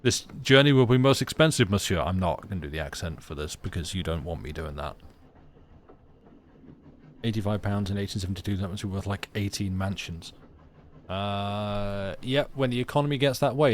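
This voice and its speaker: Rambling man, lowish voice. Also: fairly even intonation, moderate pace, slight background noise. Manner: rambling, joking, many restarts. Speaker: streamer. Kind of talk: casual game commentary.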